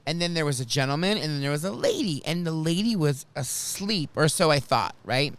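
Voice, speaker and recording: Animated male podcast host telling stories. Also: a little high, a little fast. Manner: animated, dramatic retelling with acted quotes. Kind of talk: casual chat, storytelling.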